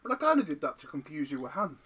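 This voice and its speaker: A man's voice: on the high side, sing-song, very fast, a bit bright, slight background noise. A man playing a tabletop wargame who chats with friends in a joking, teasing way. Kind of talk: casual chat while playing a game.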